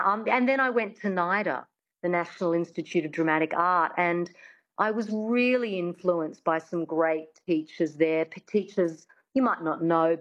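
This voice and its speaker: Aussie woman dialect coach explaining stuff, demonstrates sounds, a bit dull lo-fi sound. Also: lowish voice. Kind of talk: studio interview, teaching accents.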